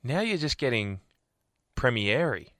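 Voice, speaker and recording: A man's voice: medium pitch, very animated, unhurried, pushed and bright, no echo, studio quality. A man co-hosting a radio show, joking playfully in casual chat. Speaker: radio co-host.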